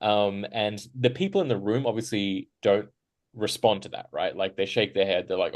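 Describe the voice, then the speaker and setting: A man with a fairly low voice speaks as a guest in a panel discussion. He rambles in a loose, conversational way, tossing in "right?" and laughing lightly between thoughts. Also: normal speed. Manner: rambling, frequent "right?" tags and fillers; animated, laughs while talking.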